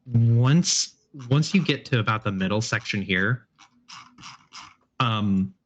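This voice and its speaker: Man narrating as game master. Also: medium pitch. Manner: relaxed, descriptive, with fillers. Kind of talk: narrating a tabletop horror game.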